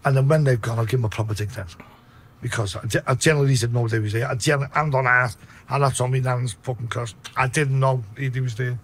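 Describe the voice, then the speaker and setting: A man with a Liverpool accent telling profane, animated stories in a casual interview. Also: mid-range voice, fast, slightly rough. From Liverpool, England. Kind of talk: casual storytelling.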